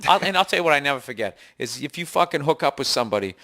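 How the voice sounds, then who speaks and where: A man's voice: on the high side, racing. A man co-hosting a comedy podcast, rambling through stories in casual, profane chat. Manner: profane, rambling, animated storytelling. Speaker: podcast co-host.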